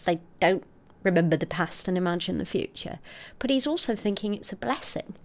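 A middle-aged woman speaks as a scientist in an interview. Her voice sits a little low, and she explains her research in an articulate, expressive way. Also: fairly quick. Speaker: scientist guest.

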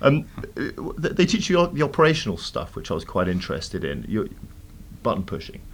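A man's voice: fairly low pitch, very animated, moderate pace. A man interviewing a guest, with short questions and light teasing.

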